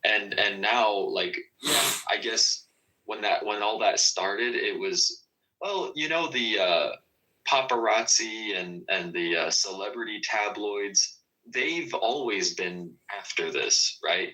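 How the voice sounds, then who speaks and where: A man's voice: fairly low pitch, animated, slow pace, sharp tone, poor audio. A man talking in a casual podcast chat, rambling with many fillers and restarts.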